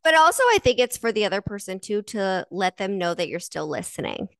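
Smooth-voiced woman chatting with listeners. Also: medium pitch, very animated, brisk, fairly bright tone, no room sound, studio quality. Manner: upbeat, addresses listeners directly. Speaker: podcast co-host. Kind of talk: casual live-stream chat.

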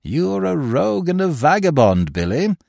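A man voicing a brisk, mock-cheerful police desk sergeant reading out charges. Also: fairly high pitch, sing-song, creaky, darkish tone, no echo, studio quality, voice pushed up.

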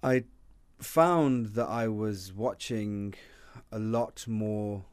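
A man's voice: fairly low pitch, very slow, clear, resonant tone, no room sound. A man co-hosting a casual film review chat, rambling with many restarts and fillers. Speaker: podcast co-host.

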